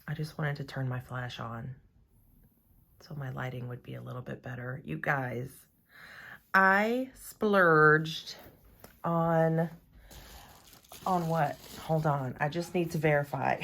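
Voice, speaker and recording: A woman chatting casually in her home nail salon, gushing excitedly as she unboxes nail art gear. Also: low-pitched, takes it slowly, vocal fry. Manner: excitable, gushing, often gasping and sighing.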